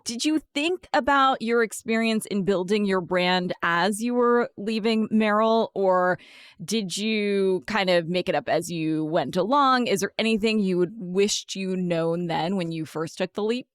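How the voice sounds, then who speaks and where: Female host, eager and curious, mid pitch, dry close sound. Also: a little slow, clean tone, no echo. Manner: enthusiastic, self-described nerd. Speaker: podcast host. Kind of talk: interview questions.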